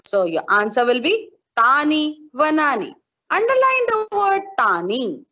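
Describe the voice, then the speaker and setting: Teaching an online class, a woman with an Indian English accent patiently takes her students through answers step by step, repeating them. Her voice sits high with big pitch swings, pushed and bright, at a measured pace.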